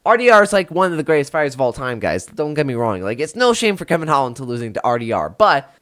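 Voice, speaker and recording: A man's voice: fairly high pitch, sing-song, fast, a bit bright. A young man hosting a casual video of fight predictions, rambling with lots of fillers and self-corrections. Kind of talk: casual solo prediction talk.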